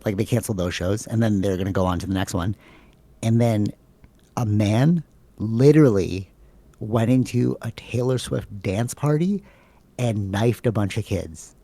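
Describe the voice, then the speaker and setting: A man's voice: lowish voice, moderate pace, dark tone, no room sound. A man co-hosting a podcast, chatting casually and rambling, leaning on "like" and "bro". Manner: rambling, filler-heavy, says "like" and "bro" a lot. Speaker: podcast co-host.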